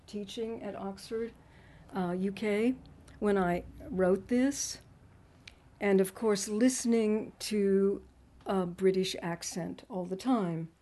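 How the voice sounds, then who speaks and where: A woman poet from Texas introducing her poem, hesitant with frequent ums and pauses. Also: medium pitch, warm tone.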